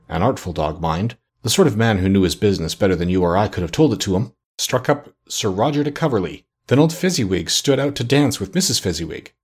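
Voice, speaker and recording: A man narrating a classic story as an audiobook in a measured, expressive reading. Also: lowish voice, slightly rough.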